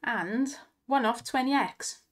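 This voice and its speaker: Rich: A young woman reacts to slot wins with breathless delight, laughing and exclaiming in a slightly high voice. She drags out her words at an unhurried pace. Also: a bit bright. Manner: gushing, giggly, exclamatory. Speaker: slot video host. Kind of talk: excited commentary on slot wins.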